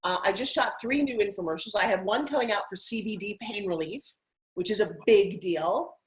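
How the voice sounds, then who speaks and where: A middle-aged woman from Long Island speaks as a guest on an interview show. Her voice sits at an ordinary middle pitch. She talks in an upbeat, persuasive, storytelling way with plenty of animation. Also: a little fast, low-quality recording. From Long Island, United States. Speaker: guest, TV host and spokesperson. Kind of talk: motivational interview talk.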